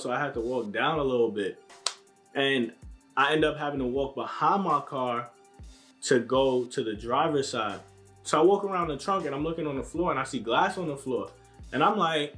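A man's voice: mid-range voice, a bit bright. A young man casually telling a story to camera in a laid-back, slang-heavy way, acting out what people said to him. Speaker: vlogger.

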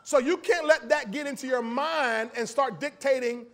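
High-voiced preaching man, lively and folksy. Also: normal speed. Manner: lively preaching, swings from loud emphasis to low storytelling; folksy, laughs often. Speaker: pastor. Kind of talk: sermon. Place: church sanctuary.

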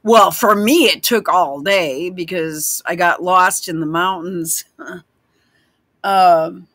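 A woman's voice: lowish voice, slow, a bit bright, dry recording. A woman vlogger giving rambling, blunt commentary over video clips, with many restarts and frequent swearing. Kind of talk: casual commentary while playing clips.

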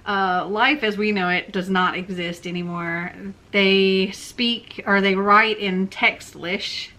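A woman's voice: medium pitch, steady tone, slow pace, bright, forceful tone. A young woman book vlogger chatting casually about books she read, with lots of fillers. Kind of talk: casual book review chat.

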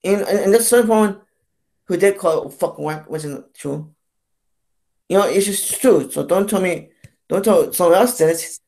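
A man vlogging a rambling, profane rant, halting and repetitive, with frequent restarts and stammers. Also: sits high, a little mellow. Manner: profane, repetitive, keeps saying "you know what I'm saying". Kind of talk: rambling ranting monologue.

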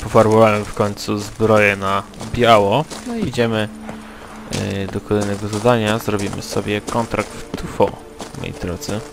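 A man's voice: lowish voice, normal speed. A man giving casual, chatty commentary over a video game as the channel's host. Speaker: gameplay commentator. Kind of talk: let's play commentary. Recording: game music playing behind.

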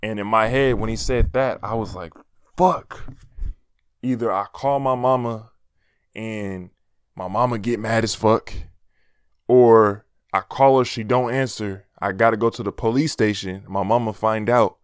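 A young man tells a story from his own life in casual vlog style, full of slang and swearing, chuckling at himself. His voice sits fairly low and comes through smooth and clear. The recording is dry and close, with no room sound. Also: fairly even intonation, normal speed, no room sound. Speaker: vlogger.

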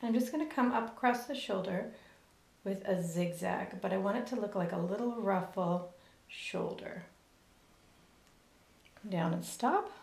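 A middle-aged woman giving a step-by-step cake decorating lesson, explaining each move gently and carefully. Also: medium pitch, unhurried, creaky, long pauses. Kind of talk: step-by-step demonstration. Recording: echoey room.

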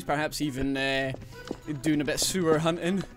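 A man's voice: a little high, fairly even intonation, moderate pace, over music. A young man teasing and joking with friends while gaming on a headset. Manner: teasing, playful, shouty. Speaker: gamer. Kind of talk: casual chat while gaming.

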